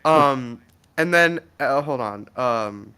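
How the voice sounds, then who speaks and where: A man's clear, resonant, medium-pitched voice, bright and pushed with lively intonation, carries a long rambling story. He's a guest on a stream call, ranting fast over voice chat, swearing freely and tumbling through fillers and restarts.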